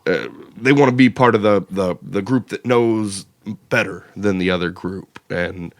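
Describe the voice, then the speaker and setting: A man co-hosting a podcast in casual chat, talking haltingly with lots of uh's and restarts. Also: deep voice, no room sound, studio quality. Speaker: podcast co-host.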